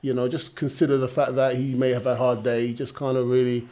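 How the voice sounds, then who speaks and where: A man, a guest in a casual panel discussion, talking in a measured, earnest way full of "you know". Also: mid-range voice, completely flat delivery, warm tone. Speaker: guest on a talk show.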